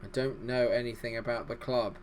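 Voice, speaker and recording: A man giving fast, excitable live commentary over a football management game, chatty and self-deprecating. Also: mid-range voice, a little hiss or hum. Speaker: gaming YouTuber.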